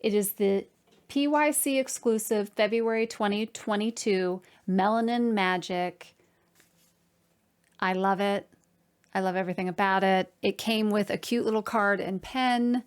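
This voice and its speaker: A woman hosting a knitting podcast from home, talking to camera in a chatty, excitable way and addressing her viewers directly. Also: medium pitch, measured pace, clean tone. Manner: chatty and excitable, full of "like" and "you guys". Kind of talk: casual chat to camera.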